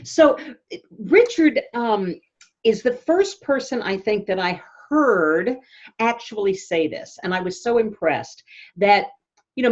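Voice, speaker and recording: Breathy woman host on dull call audio. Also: mid-range voice. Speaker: podcast host. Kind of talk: casual interview on a call.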